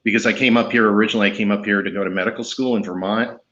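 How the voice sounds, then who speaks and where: A man's voice: on the low side, fairly even intonation, rapid-fire, fairly bright tone, highs cut off. A man in his fifties from northern New Jersey, with a mixed New Jersey and Boston accent, joking and chuckling as a guest in a casual chat.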